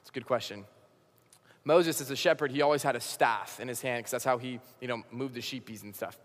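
A young man, a high school pastor, giving a casual youth sermon and acting out the dialogue in his stories. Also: fairly quick, in a large hall. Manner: casual, animated storytelling with acted-out dialogue.

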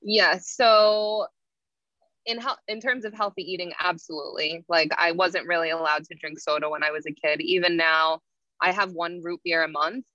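A woman's voice: lowish voice, fairly even intonation, normal speed, sharp tone, dry recording. A young woman, a yoga teacher telling stories in a casual interview, full of "like" fillers. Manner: chatty, frequent "like" fillers. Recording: dull lo-fi sound.

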